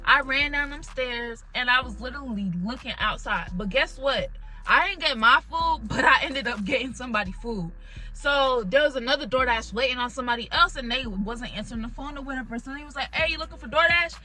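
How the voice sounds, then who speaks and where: A young woman vlogger tells a dramatic story of her own in a lively, expressive way, cursing freely. Her voice sits fairly high and sounds bright and sharp. Soft music plays quietly underneath. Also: fairly quick, low-quality recording. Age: young adult. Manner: animated, emotional retelling with swearing. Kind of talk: storytime, casual chat.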